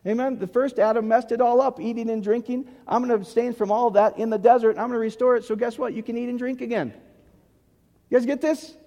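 A man's voice: very high voice, steady tone, quick pace, dark tone, long reverb tail. A man preaching a conversational sermon as pastor, often asking the congregation questions.

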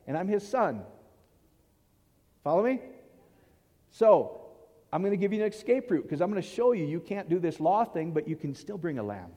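A man's voice: high voice, warm tone. A man preaching a conversational sermon, often checking in with the congregation by asking whether they follow. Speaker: pastor. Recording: long hall reverb.

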